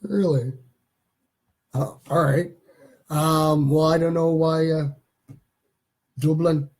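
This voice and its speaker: Husky, mellow-voiced man hosting a live stream. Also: a little high, steady tone, takes it slowly. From Canada. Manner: rambling, chatty, reads live comments aloud. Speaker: host of a live stream show. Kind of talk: casual live-stream chat. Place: home studio.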